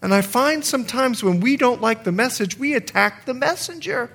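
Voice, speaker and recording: High, lively-voiced male pastor. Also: moderate pace, vocal fry. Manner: animated storytelling with acted-out quotes. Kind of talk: sermon.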